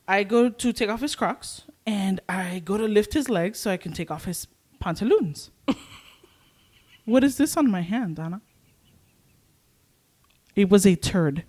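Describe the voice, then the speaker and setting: A young woman co-hosting a podcast, telling a story in casual chat and acting out panicked shouts. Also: mid-range voice, normal speed. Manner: animated, acts out panicked shouts. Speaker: podcast co-host.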